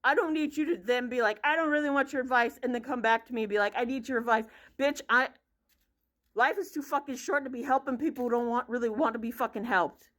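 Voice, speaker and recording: Woman, 30s, high-pitched vlogger, blunt profane ranting storyteller. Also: fast talker, a bit bright. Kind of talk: casual vlog rant.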